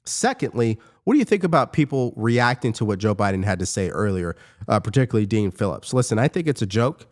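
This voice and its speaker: Emphatic male political commentator. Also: fairly quick. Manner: animated, emphatic, rising pitch on points. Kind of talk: opinionated commentary to camera.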